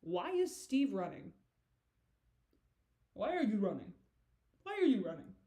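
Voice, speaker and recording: A woman talks through her own video in a casual, rambling commentary. She giggles often and swears freely. Her voice sits at an ordinary pitch. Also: sing-song, unhurried, mellow. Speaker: creator giving director's commentary.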